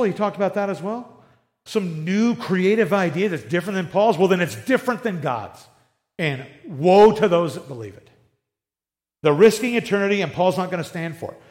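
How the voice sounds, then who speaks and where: Male preacher, high register, informal and lively Bible teaching. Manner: lively and informal, with joking asides. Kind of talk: conversational sermon with slides.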